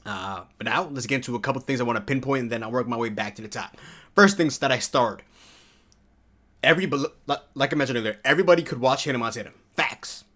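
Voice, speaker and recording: A man in his early twenties giving a casual, excitable video review, full of slang and sudden high-pitched exclamations. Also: fast talker. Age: early 20s. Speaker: TV show reviewer.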